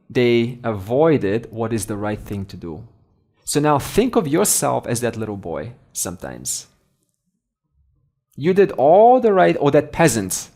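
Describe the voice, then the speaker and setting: A man's voice: mid-range voice, gravelly, a little mellow. A man teaching a spiritual lesson through a story, conversational and asking his listeners questions. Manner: conversational, asks the audience questions. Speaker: Vedanta teacher.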